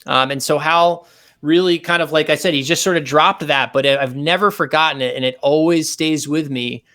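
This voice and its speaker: Speaking at a moderate pace in a voice on the high side, a male saxophonist guesting in an interview tells animated anecdotes. He also explains technical concepts one step at a time, in a relaxed manner.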